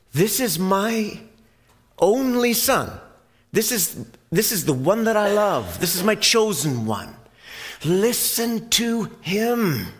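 A man's voice: high-pitched, voice pushed up, exaggerated voice. A man doing a proclaiming divine voice. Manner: slow, proclaiming. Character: solemn divine voice from a cloud.

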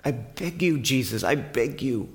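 A man voicing a desperate father begging for help for his sick son, his voice straining high as he pleads. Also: animated, unhurried, gravelly. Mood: desperate pleading.

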